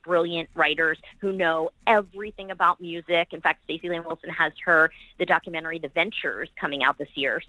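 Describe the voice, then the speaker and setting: A middle-aged woman speaks as a guest on a podcast interview, tumbling from one project to the next with eager enthusiasm. Her voice sits a little low for a woman but has a bright, forward edge. The sound is close and dry, with no room around it. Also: dry recording, low-quality recording. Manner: enthusiastic, rambling, gushing about colleagues. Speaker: actress and producer guest.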